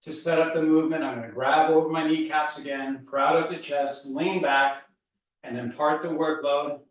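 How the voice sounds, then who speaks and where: A man leading a guided workout with calm, steady coaching cues, out of breath. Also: fairly high pitch, moderate pace. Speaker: fitness instructor. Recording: echoey room, voice from far off, dull sound.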